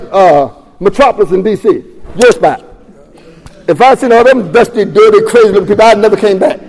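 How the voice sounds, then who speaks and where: A man with a high voice tells his own recovery story at a meeting, animated and acting out the people he quotes. His voice rings with a long reverb in a meeting hall. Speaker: speaker sharing recovery story.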